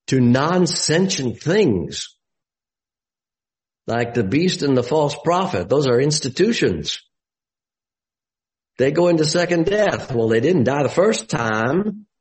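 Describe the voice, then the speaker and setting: A man giving a Bible study sermon, deliberate and explanatory, with emphatic rises on key words. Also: fairly high pitch, low-quality recording.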